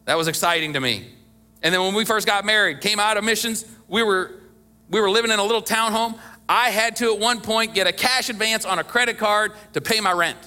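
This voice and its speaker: A man's voice: high-pitched, fairly quick, bright, forceful tone. A middle-aged man preaching a sermon as pastor, talking conversationally with emphatic bursts and small chuckles.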